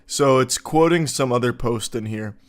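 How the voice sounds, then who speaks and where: A man's voice: medium pitch, moderate pace. A man hosting a comedic commentary video, reading forum posts aloud and riffing on them in a sarcastic, incredulous way with plenty of filler words.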